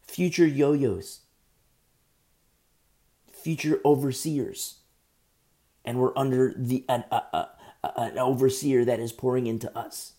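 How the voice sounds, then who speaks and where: With a mid-range voice, a man preaches a sermon that retells scripture as a lively, conversational story, pausing for asides to his listeners.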